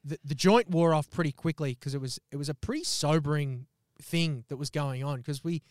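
Here a young male podcast co-host tells a story casually, swearing nonstop and animating his retelling by performing the quotes. He speaks a little high and fairly fast, captured in a dry, clean studio recording.

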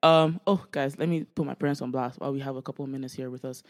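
Animated woman in her twenties telling stories. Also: very deep voice, fast talker. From Canada. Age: 20s. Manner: animated storytelling, swearing freely, acting out quoted family members. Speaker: podcast co-host. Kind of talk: casual chat.

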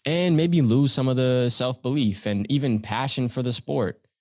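A young man from Canada, a guest speaker, recounting personal experiences in an earnest, measured way. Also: mid-range voice, a little mellow, no room sound, studio quality. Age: young adult. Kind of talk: reflective storytelling in conversation.

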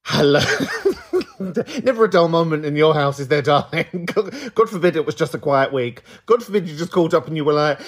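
A man's voice: on the high side, brisk. A man hosting a podcast, teasing and giggling as he answers a caller's story. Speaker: podcast host. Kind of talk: casual podcast chat.

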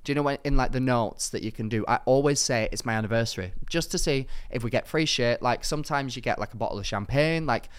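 A young man co-hosting a podcast, chatting casually and telling animated, giggly stories. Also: mid-range voice, fast talker, hardly any pauses, clear, resonant tone. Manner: animated, giggly, acts out voices in anecdotes. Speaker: podcast co-host. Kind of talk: casual chat, storytelling.

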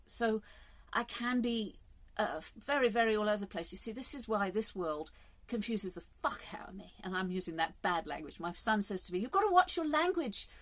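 A woman's voice: mid-range voice, normal speed. Woman, 50s, vlogger; candid, rambling reflective monologue, swears for emphasis.

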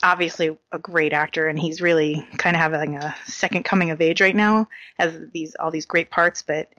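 A woman's voice: low-pitched, fairly even intonation, moderate pace, a bit bright, dry recording, highs cut off. A woman co-hosting a casual talk show, chatting in a giggly way about silly comedies. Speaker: podcast co-host.

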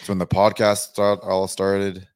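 A low-voiced man chats casually as a podcast co-host. He sounds relaxed and easygoing, often backing up the other speaker with short replies and laughs. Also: measured pace, clear, resonant tone. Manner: laid-back, short agreeing replies and laughs. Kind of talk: casual chat.

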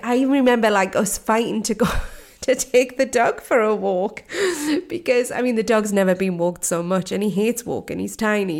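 A woman's voice: mid-range voice, vocal fry. A woman podcast host and coach, speaking in an earnest, encouraging way straight to the listener. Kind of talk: motivational podcast talk.

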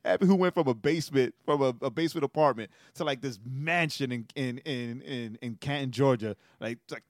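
A podcast co-host with a brisk, medium-pitched voice tells stories in a casual chat, tagging nearly every sentence with a questioning "right?". The studio recording is clean, with no echo.

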